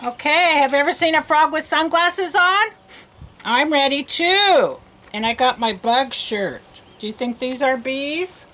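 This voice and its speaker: A woman reading teacher leading a children's phonics lesson, sounding out letters in a slow, sing-song drill. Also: high voice, expressive, fairly bright tone.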